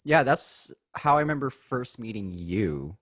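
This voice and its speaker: A man's voice: medium pitch, big pitch swings, a little slow, a bit bright, dry recording, clean studio sound. A man in his twenties hosting a casual podcast chat, joking and upbeat. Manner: joking, upbeat, says "dude". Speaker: podcast host.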